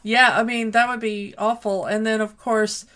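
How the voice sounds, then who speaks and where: A woman's voice: on the high side, fairly even intonation, normal speed, a bit bright. A woman co-hosting a casual chat, speaking hesitantly with many fillers. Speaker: podcast co-host. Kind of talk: casual film discussion.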